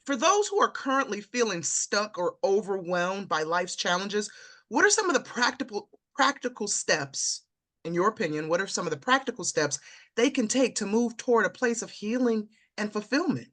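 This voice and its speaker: A woman's voice: medium pitch, very animated, normal speed, fairly bright tone. Casting: woman interview host, conversational, personal and affirming.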